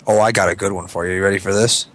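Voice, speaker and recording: A man's voice: steady tone, very fast, a bit bright. A man co-hosting a casual chat, telling a long story and acting out the other people's lines. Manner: rambling storyteller who acts out quotes in shrill voices. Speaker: podcast co-host.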